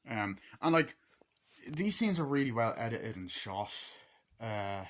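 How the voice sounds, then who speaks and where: A man's voice: medium pitch, big pitch swings, unhurried, a bit bright. A man giving a casual, rambling movie review. He swears freely and acts out bits of dialogue.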